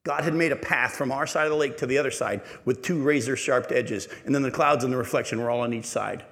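A man's voice: medium pitch, steady tone, quick pace, creaky, a bit bright. A middle-aged man preaches in a church sanctuary with a midrange voice. He tells his story earnestly and leans hard into his points. A long reverb from the hall follows every phrase. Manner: storytelling, earnest, building to emphatic exhortation. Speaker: pastor. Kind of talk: sermon.

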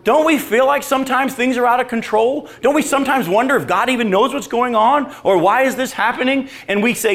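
A man preaching a sermon, reading scripture and asking the congregation rhetorical questions in an animated way. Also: very high voice, brisk, few pauses. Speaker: pastor.

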